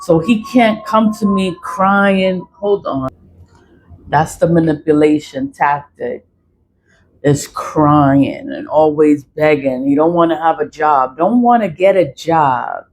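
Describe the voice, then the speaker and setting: A woman's voice: low voice, takes it slowly, a little mellow. Blunt, profane woman venting a story. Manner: emphatic, repeats herself for stress. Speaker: vlogger. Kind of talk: casual storytelling monologue.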